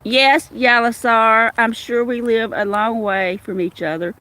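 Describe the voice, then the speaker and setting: Lady chatting slow on a phone livestream outside, higher voice, dry sound. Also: steady tone, bright, forceful tone, no room sound. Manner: slow, chatty, greets viewers by name. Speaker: livestream host. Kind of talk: casual livestream chat. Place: outdoors with cats.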